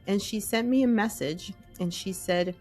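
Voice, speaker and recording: A woman sits for an interview and tells her story with lively, animated delivery, slipping into voices as she recalls her own thoughts. Her pitch sits mid-range for a woman. Soft music plays faintly in the background. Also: moderate pace. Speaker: guest, essence maker.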